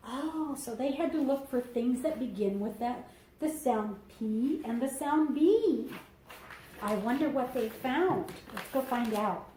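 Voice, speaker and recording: A woman reading a picture book aloud to preschoolers, slow and sing-song, stopping to explain things to the children. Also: a little high, animated, warm tone, a little hiss or hum. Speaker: children's librarian. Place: library room. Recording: echoey room.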